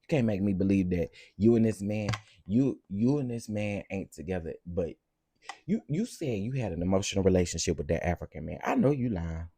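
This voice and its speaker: A man hosting a live stream of reality TV gossip, talking in a sassy, expressive way straight to his viewers. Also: low voice, brisk, husky, no room sound.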